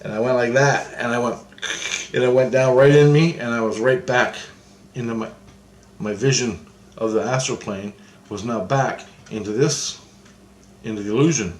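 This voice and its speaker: Male storyteller, mid pitch, recounts a vision in a loose, repetitive monologue, recorded in an echoey room. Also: normal speed, long pauses, a little hiss or hum. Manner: meandering, restarts often, repeats phrases. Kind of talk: rambling first-person account of a spiritual vision.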